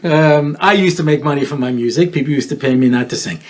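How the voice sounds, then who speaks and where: A man in his sixties hosting a talk show, telling jokes and stories with deadpan punchlines. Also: mid-range voice, fast talker, slight background noise. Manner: joking, deadpan punchlines, playful storytelling. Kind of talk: comedic talk show monologue.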